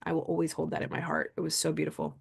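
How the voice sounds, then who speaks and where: A middle-aged woman host and mindset coach talking casually on a live stream, animated and chatty. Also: low-pitched, racing, vocal fry, slightly rough. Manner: animated, chatty, acts out quoted people.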